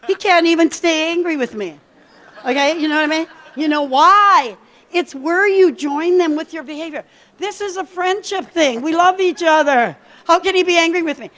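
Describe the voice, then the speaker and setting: A woman giving a lively conference workshop talk, coaching the audience directly from the stage. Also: very high-pitched, moderate pace. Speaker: keynote speaker.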